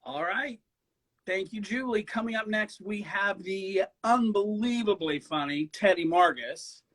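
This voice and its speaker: A man's voice: high-pitched, measured pace, a bit bright, poor audio. A man hosting a live-stream comedy show, effusive and full of endearments for his guests. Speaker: host.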